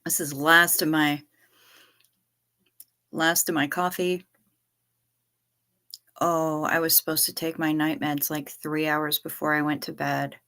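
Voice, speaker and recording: A woman hosting a livestream from home, her talk loose, candid and full of swearing. She speaks in an unhurried drawl with a bright, forceful edge to her voice. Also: deep voice, level tone. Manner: profane, candid and rambling. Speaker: livestream host. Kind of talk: casual livestream chat.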